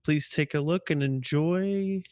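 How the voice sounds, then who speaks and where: A man's voice: a little high, measured pace, darkish tone, no echo, studio quality, lightly acted. A man doing an airline pilot voice with a polite cabin announcement manner. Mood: courteous.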